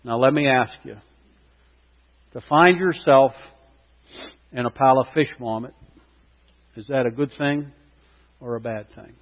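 A man's voice: mid-range voice, unhurried, long pauses. Man preaching a sermon in an echoing hall. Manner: impassioned preaching that swells loud at key points. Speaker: pastor. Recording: long hall reverb, dull lo-fi sound.

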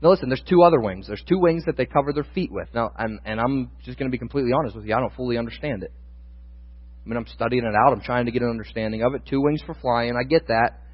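A man's voice: mid-range voice, fast, breathy edge. A male pastor preaching a sermon, candid and thinking aloud at times, then building to emphatic proclamation. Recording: dull sound with long hall reverb.

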